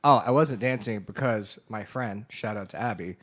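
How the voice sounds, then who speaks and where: A man's voice: lowish voice, normal speed. A man co-hosting a tabletop game podcast, crude and rowdy, laughing often as he jokes around. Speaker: player and co-host. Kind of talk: casual podcast chat.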